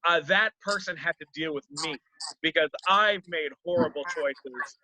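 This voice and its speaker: A man's voice: on the high side, measured pace, sharp tone, poor audio. A man, a comedian, chatting casually in an interview, rambling with many fillers and restarts.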